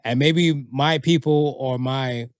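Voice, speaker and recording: Telling stories on a casual podcast he co-hosts, a man with a Jamaican family background performs quoted lines in high voices with animated flair. He speaks slowly in a clean tone, recorded in a dry room with no room sound.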